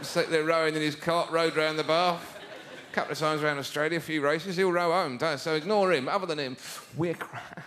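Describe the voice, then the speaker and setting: A man doing a sardonic stand-up routine on stage, mocking his subject and breaking into shouted mimicry. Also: on the high side, steady tone, a little fast. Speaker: stand-up comedian. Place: theatre stage before a live audience. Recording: live show with loud audience noise.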